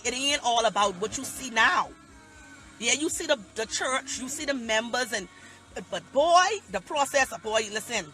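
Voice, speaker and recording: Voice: mid-range voice, sharp tone. A pastor preaching on a phone livestream, emphatic and repetitive, with heavy dialect.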